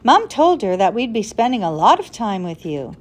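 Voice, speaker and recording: Woman doing an eager boy, pleading, urgent, bright high voice. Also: very animated, moderate pace.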